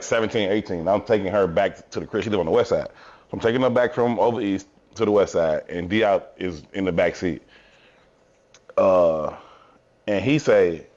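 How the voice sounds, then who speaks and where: A man tells stories on a podcast, acting out the other people's lines with plenty of cursing. His voice sits on the low side. The audio is dull and lo-fi. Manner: animated storyteller, profane, acts out quotes. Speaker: podcast co-host. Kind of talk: casual chat, storytelling.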